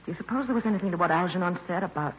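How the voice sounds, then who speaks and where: An actress playing a gangster's devoted companion, soft and anxious, in 1940s radio acting. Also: female voice, on the low side, rapid-fire, close to an everyday voice. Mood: worried fond. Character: devoted young woman, gangster's loyal companion. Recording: dull old radio recording with faint hiss.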